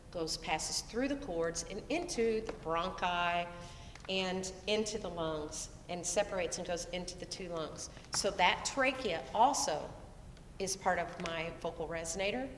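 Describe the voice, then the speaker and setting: A woman's voice: fairly low pitch, unhurried, long reverb tail, a little hiss or hum. A woman voice teacher who has a cold, explaining the vocal tract in a loose, conversational lesson and breaking into short vowel demonstrations.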